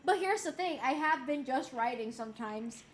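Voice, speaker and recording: A woman's voice: high-pitched, expressive, normal speed, a little hiss or hum. A young adult woman streamer chatting casually and reading chat aloud. She swears freely, laughs often, and has a slightly sore throat.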